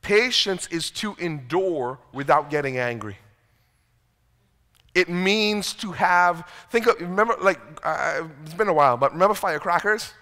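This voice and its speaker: A man's voice: high-pitched, expressive, unhurried, pushed and bright. A man preaching a sermon as pastor, conversational and self-deprecating, often repeating words as he starts a sentence. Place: church sanctuary. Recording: long reverb of a church hall.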